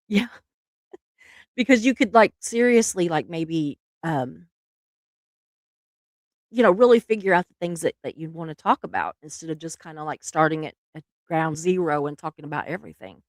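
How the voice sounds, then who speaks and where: A woman's voice: low-pitched, expressive, normal speed, long pauses, no room sound, clean studio sound. A middle-aged woman, hosting a casual live stream, chatty and laughing often, trailing off mid-sentence.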